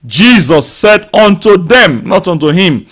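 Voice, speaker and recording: A pastor delivering a live-streamed sermon, swinging from quiet scripture reading to loud, fervent shouting and praying aloud over his listeners. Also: sits high, sing-song, unhurried. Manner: speaks in tongues and prays aloud over listeners.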